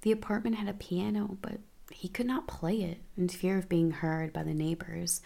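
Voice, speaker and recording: A woman's voice: fairly low pitch, steady tone, normal speed, gravelly, mellow. A woman casually recapping film plots, chatty and offhand, with asides and self-corrections.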